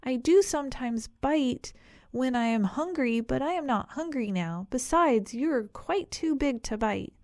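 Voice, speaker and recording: A woman's voice: high voice, lively intonation, unhurried, darkish tone, no echo, studio quality, voice pushed up. A woman doing a wise hissing snake. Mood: pleading, polite. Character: wise hissing female snake, polite and sly.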